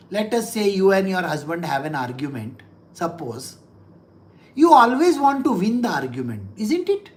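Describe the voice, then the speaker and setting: A woman spiritual teacher, giving a blunt, scolding scripture talk full of anecdotes. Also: mid-range voice. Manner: blunt, scolding, animated storytelling.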